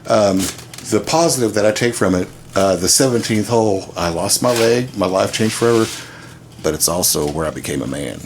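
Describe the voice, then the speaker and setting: A man with a fairly low voice tells a long story at an unhurried pace, stopping and restarting as he goes. Faint background noise sits under the talk. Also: expressive. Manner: rambling with restarts and long pauses. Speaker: podcast guest. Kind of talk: casual storytelling.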